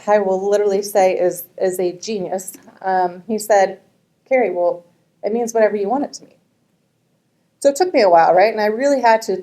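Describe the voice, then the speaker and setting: A woman's voice: medium pitch, warm tone. A middle-aged woman executive giving a keynote talk to an audience, conversational, with many restarts and tag questions. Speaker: executive speaker.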